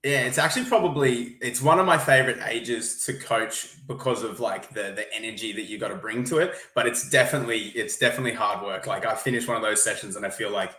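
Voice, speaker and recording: Bright-voiced Australian man, roomy sound. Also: medium pitch, fast, few pauses. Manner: friendly, easygoing, self-correcting restarts. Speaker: gymnastics coach, podcast guest. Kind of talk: casual interview answers.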